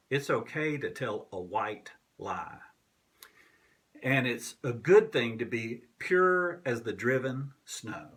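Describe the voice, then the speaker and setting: A man preaching a sermon as pastor, slow and deliberate, sometimes dropping to a whisper. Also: mid-range voice, a bit bright, in a large hall. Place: church sanctuary.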